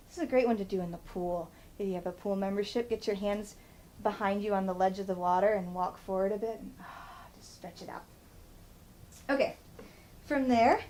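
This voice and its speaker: In an instructional vlog, a woman in her thirties who works as a physical therapist shows stretches, chatting and laughing at herself. She has a mid-range, slightly mellow voice, and the low-quality recording carries a little hiss or hum.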